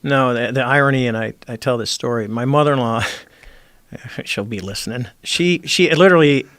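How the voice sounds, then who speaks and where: A man's voice: medium pitch, normal speed, dry recording. A middle-aged man, a former Navy squadron commander, telling a story as a podcast guest, acting out the quoted dialogue with energy. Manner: animated, acts out quoted dialogue. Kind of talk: conversational storytelling. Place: podcast studio.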